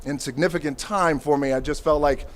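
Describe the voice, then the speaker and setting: A man in his forties speaks off the cuff at an outdoor ceremony, his voice sitting a little high for a man. He thanks people one by one and slips in playful jokes at his own expense. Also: steady tone, fairly quick. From United States. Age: 40s. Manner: playful, self-mocking asides. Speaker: honoree giving an acceptance speech. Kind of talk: unscripted ceremony speech.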